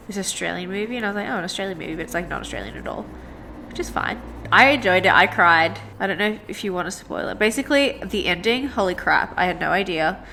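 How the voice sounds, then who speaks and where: With slight background noise, a young woman illustrator and vlogger chats to viewers while she sketches at her home desk beside a sunny window. Her mid-range voice is pushed and bright, and her casual sketch-and-chat monologue rambles with lots of "like" fillers.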